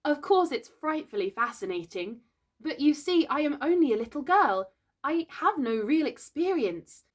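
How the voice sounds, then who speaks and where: A woman's voice: high voice, very animated, normal speed, voice pushed up. A woman reading as a prim, motherly little girl. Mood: earnest. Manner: prim, earnest and sweet.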